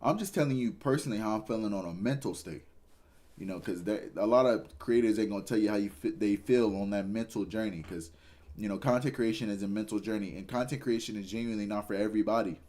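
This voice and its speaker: A man's voice: fairly low pitch, fast talker, a little mellow. A tired young man, a streamer giving a rambling, earnest motivational talk and swearing casually. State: tired, yawning.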